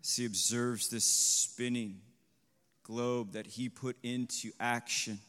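A man preaching a sermon to a congregation. He asks the listeners questions, tags on "right?", and swells to loud, emphatic peaks. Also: medium pitch, fairly even intonation, a little slow, clear, resonant tone, long reverb tail. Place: congregation hall.

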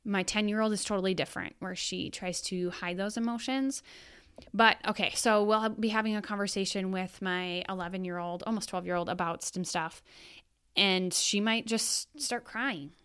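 Smooth-voiced chatty mom podcaster. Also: female voice, mid-range voice, steady tone, normal speed, fairly bright tone. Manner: chatty, frank, rambling with self-corrections. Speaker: podcast host and mother. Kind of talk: casual solo podcast monologue.

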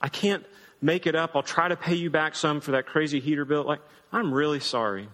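A man playing a remorseful young woman roommate who makes an earnest, halting confession. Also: fairly high pitch, fairly bright tone, voice pushed down, close to an everyday voice. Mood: contrite. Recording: long hall reverb.

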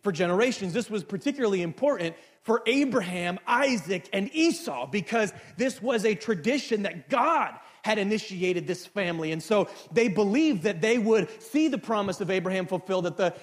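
A man's voice: sits high, animated, normal speed, few pauses. A man preaching a sermon, retelling a story in a casual, joking way and talking straight to the congregation. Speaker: pastor.

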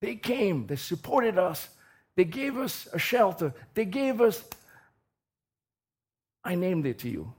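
A man preaching a sermon, telling a personal story, swinging between loud bursts and soft asides and often repeating words. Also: sits high, big pitch swings, takes it slowly, long pauses, slightly rough.

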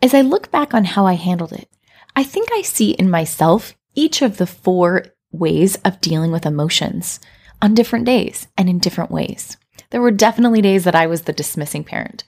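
A woman hosting a parenting podcast, telling a story and explaining in a calm, reflective scripted way. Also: lowish voice, moderate pace, husky. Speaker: podcast host.

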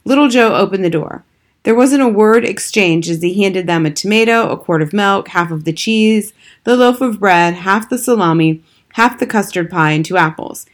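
A woman reading a children's book aloud as narrator, steady and expressive. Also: mid-range voice, normal speed. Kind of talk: scripted storybook narration.

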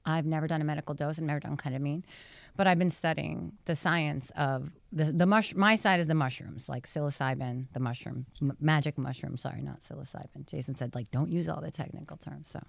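A woman guest on a podcast, telling a story in a chatty, animated way with many fillers. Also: low-pitched, brisk, gravelly, dry recording. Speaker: guest, behavioral psychology scientist.

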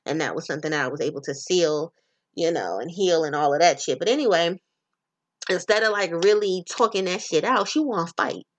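A woman talks straight to her listeners in a loose, unscripted podcast monologue. She swears freely and stays animated and playful throughout. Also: fairly low pitch, fairly quick. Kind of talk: casual monologue on relationships.

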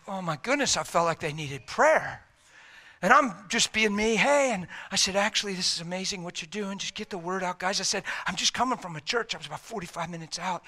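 A man's voice: high voice, sharp tone. A man preaching a sermon, telling a story in a folksy, emphatic way and talking straight. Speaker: traveling preacher.

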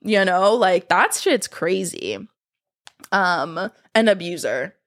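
A woman's voice: fairly low pitch, expressive, slow, fairly bright tone. A woman in her twenties talking straight to camera in a casual vlog, blunt and profane, going from hesitant to heated. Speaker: vlogger. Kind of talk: casual vlog talk reacting to comments.

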